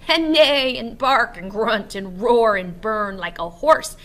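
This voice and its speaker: A woman's voice: a little high, slow pace, fairly bright tone. A woman reading the lines of a mischievous male fairy sprite in a teasing, rhythmic recitation.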